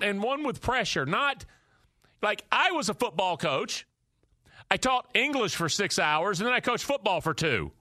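A man's voice: high-pitched, pushed and bright, dry recording, clean studio sound. A man hosting a sports talk show, ranting emphatically and repeating his points. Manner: emphatic, preachy repetition. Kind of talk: animated opinion rant.

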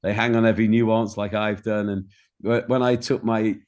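A middle-aged man, a guest in an interview, telling stories in a warm way and often repeating words as he starts a sentence. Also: on the low side, flat delivery, moderate pace. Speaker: guest, singer-songwriter. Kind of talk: candid interview chat.

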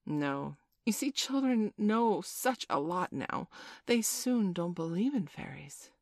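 A woman reading a storybook aloud, voicing a merry, boastful young boy in a raised, lively voice. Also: fairly low pitch, slow, dry recording, clean studio sound, full character voice. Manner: bright boyish storybook voice, lively and proud.

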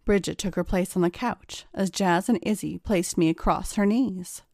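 A woman narrating an erotic story in a slow, measured storytelling manner. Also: fairly low pitch, darkish tone, no echo, clean studio sound.

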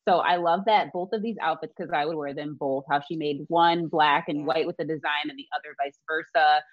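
An enthusiastic woman gushes as a panelist in a casual chat. Her voice is very low for a woman. The sound is dry and dull, like a lo-fi recording. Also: fairly even intonation, brisk, no room sound. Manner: enthusiastic, gushing.

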